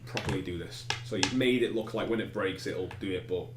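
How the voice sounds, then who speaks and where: A man running a tabletop game as game master, narrating scenes and briefly acting out shouting side characters. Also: low-pitched, fairly quick, echoey room, heavy background noise.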